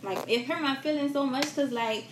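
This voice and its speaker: A young woman as a guest, telling a personal loss in a soft, halting way with many fillers and repetitions, in a roomy, noisy recording. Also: sits high. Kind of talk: emotional personal story in a podcast chat. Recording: roomy echo with steady background noise.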